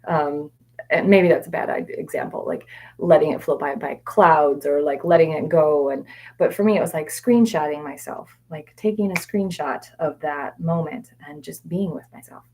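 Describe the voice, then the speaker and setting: A woman coaching viewers in a live question-and-answer session, candid and meandering, with fillers and self-corrections, sometimes dropping to soft whispered repetitions. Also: low-pitched, moderate pace. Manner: soft-spoken, drops to quiet whispered repetitions. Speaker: mindset coach.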